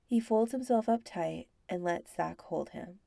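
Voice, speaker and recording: A woman narrating a scripted story in a slow, hushed, intimate voice that slips into whispers. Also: fairly low pitch, vocal fry, no room sound.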